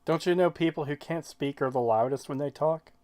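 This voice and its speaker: A man's voice: on the high side, fairly quick, mellow. A man chatting casually on a podcast, with dry, sarcastic quips. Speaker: podcast co-host. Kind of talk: casual chat.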